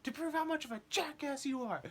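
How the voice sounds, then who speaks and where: A man voicing an injured, drunk homeless man who is indignant and shrill, with a high squeaky yell. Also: brisk, a little hiss or hum. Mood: outraged.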